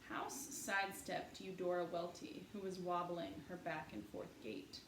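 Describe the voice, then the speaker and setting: A woman narrates an audiobook with an expressive, animated, rather low voice. The reading sounds roomy, with a faint hiss behind it. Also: a little slow. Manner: expressive storytelling. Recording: echoey room, faint hiss.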